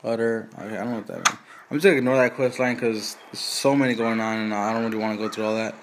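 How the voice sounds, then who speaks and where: A man's voice: fairly low pitch, steady tone, quick pace, background noise. A man casually commenting on a mobile game, reading its dialogue aloud with fillers and asides. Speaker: gaming channel host.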